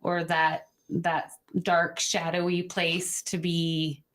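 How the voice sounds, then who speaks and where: A woman podcast host speaks slowly in a slightly low voice. She muses thoughtfully and measures her words. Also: completely flat delivery, a bit bright, a little hiss or hum. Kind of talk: reflective podcast conversation.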